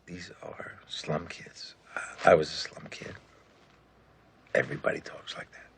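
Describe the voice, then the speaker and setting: An actor playing an injured, bedridden male writer who speaks weakly and haltingly in a film scene. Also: sits low, vocal fry, a bit bright, slightly rough, in a whisper, full character voice. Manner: weak, strained and halting. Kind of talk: film drama.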